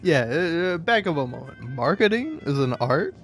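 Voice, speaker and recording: Young male streamer with a high voice; rambling, profane, laughing rants over gameplay. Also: big pitch swings, normal speed, fairly bright tone, soft background music. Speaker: video game streamer. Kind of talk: casual gameplay commentary.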